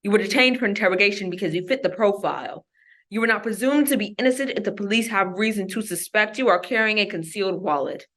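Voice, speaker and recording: Woman reciting poetry with deliberate emphasis. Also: medium pitch, expressive, fairly bright tone. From Maryland. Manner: deliberate, emphatic performance delivery. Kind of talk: spoken-word poetry recitation.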